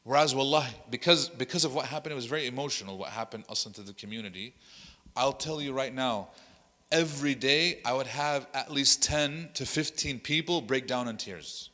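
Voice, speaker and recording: A man's voice: mid-range voice, fairly quick, pushed and bright, big-room sound. A man, an imam, leading a workshop, who tells stories animatedly, acts out what others said, and mixes Arabic phrases into his talk. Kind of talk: workshop teaching with told stories. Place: hall of an Islamic center.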